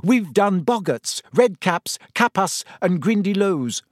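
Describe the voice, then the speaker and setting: Man putting on a high eager schoolgirl voice, know-it-all, rushes her words. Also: lively intonation, dry recording, studio quality. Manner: quick, eager and insistent.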